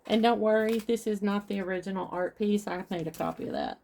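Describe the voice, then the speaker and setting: A woman's voice: medium pitch, fairly quick, gravelly, a little mellow. A woman craft vlogger chatting casually with viewers as she talks through each step of her project. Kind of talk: casual craft tutorial chat.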